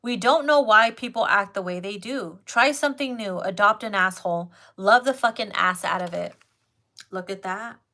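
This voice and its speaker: A woman's voice: mid-range voice, moderate pace, pushed and bright. A woman giving a casual tarot card reading who talks straight to her viewers, blunt and full of swearing. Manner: profane, blunt and emphatic. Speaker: tarot reader.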